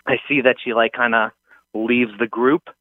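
A man's voice: medium pitch, fairly even intonation, moderate pace, no echo. A man in his thirties calling in and telling a story in a rambling, hesitant way, full of fillers. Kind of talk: casual phone-in storytelling. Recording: tinny dry phone line.

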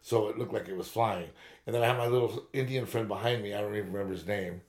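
This Southern California man in his fifties talks fast in a fairly low voice as a podcast co-host. His casual conversation runs to long, wandering stories laced with swearing.

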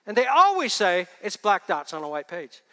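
A male pastor preaching with a high, bright, forceful voice. He drops to hushed asides and then rises to loud, emphatic bursts. The long reverb of a large church hall carries behind him. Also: wildly swooping pitch, moderate pace. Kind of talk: sermon.

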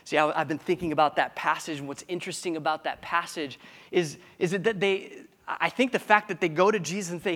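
A man's voice: a little high, brisk, fairly bright tone. Conversational male pastor preaching. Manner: conversational preaching with frequent restarts and questions to the congregation. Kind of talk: sermon.

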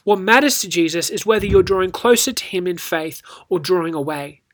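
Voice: mid-range voice, lively intonation, brisk, a bit bright. A speaker gives a scripted Bible devotional, telling the story with rhetorical questions and reading scripture with acted inflection. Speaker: Bible teacher.

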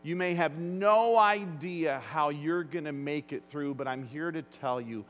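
Slow, earnest preaching man in a hall. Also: on the high side, a bit bright, soft background music. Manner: earnest, emphatic preaching with slow, deliberate phrasing. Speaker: pastor. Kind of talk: sermon. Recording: long reverb of a large hall.

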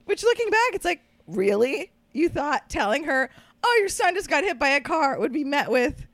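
Woman, podcast guest, animated storytelling, lively pitch, dry close mic. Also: takes it slowly, no echo. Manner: animated, laughing often, swears casually. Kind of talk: casual storytelling chat.

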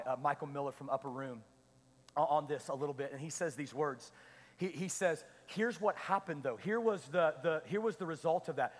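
A male pastor with a high, light voice preaches with rising energy, repeating phrases and tossing questions out to the room. His voice carries a long hall reverb around it. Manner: energetic, repetitive preaching with call-and-response questions. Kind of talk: sermon.

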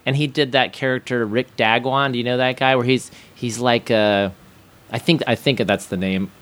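A man's voice: mid-range voice, steady tone, normal speed, fairly bright tone. A man chatting casually on a podcast, his voice sitting in an ordinary middle range. He rambles through anecdotes, laughs often and acts out the lines of friends he quotes. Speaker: podcast co-host. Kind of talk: casual chat, telling anecdotes.

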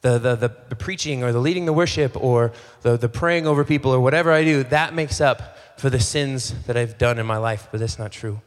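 A male pastor gives a casual, talky sermon to his congregation. His voice sits at an ordinary middle pitch. He slips into short acted-out exchanges and doubles back on his words. The sound carries a long hall reverb. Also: fairly quick, hardly any pauses. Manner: conversational, acts out dialogue, repeats phrases. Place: church hall.

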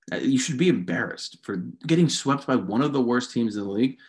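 A man's voice: medium pitch, expressive, a little fast, hardly any pauses. A young man hosting a podcast, ranting casually and with frustration about his team, rambling with many restarts. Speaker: podcast host. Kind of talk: casual sports rant.

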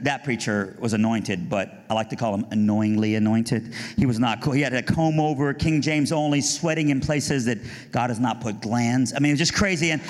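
A man giving a sermon testimony, telling his story and building to fervent preaching. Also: mid-range voice. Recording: long hall reverb.

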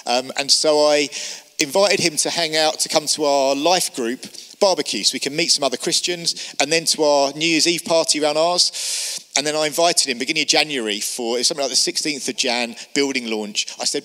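Male pastor, middle-aged, lively storytelling sermon, long church reverb. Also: mid-range voice, fairly quick. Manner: lively storyteller, quotes people in character.

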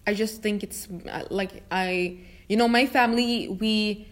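A woman's voice: medium pitch, a little slow. A young woman hosting a casual chat, rambling with many fillers. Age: young adult. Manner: relaxed, rambling speaker with frequent fillers and restarts. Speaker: podcast host.

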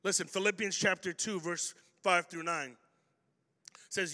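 A man's voice: high voice, fairly even intonation, a little slow, sharp tone. A man preaching a sermon as pastor, telling stories animatedly and acting out the voices of the people in them. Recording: hall reverb.

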